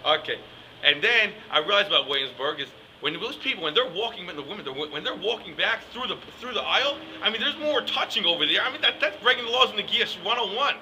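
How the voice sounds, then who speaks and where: A young man rants for laughs, his voice high and sharply bright. He rattles off jokes at a quick clip, piling up "like"s and "I mean"s, with faint noise underneath. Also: expressive, rough recording. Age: young adult. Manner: rambling, joking, full of "like" and "I mean". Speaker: yeshiva student comic. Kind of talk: casual comedic rant.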